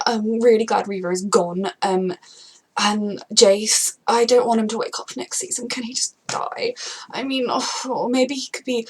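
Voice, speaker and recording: Husky, high-voiced woman rambling emotionally. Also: rough recording. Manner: rambling, emotional, self-interrupting. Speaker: TV show reactor. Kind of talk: casual reaction vlog.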